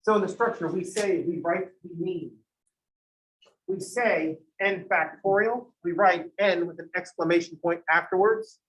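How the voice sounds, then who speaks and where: A man's voice: sits high, unhurried, fairly bright tone, rough recording. A male math instructor lectures in a loose, conversational way. He wanders off into joking asides before getting back to the lesson. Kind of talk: casual classroom lecture.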